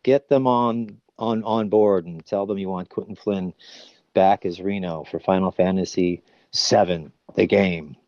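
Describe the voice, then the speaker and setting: A man's voice: deep voice, a little slow, no echo, dull audio. A man in a casual podcast interview, telling stories with energy and dropping into character voices now and then. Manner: animated storyteller, breaks into character voices. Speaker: voice actor guest.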